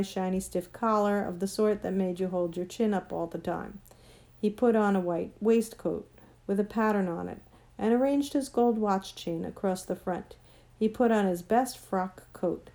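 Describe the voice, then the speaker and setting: A woman narrating a children's storybook aloud in a measured, gentle way. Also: medium pitch. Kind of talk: audiobook narration.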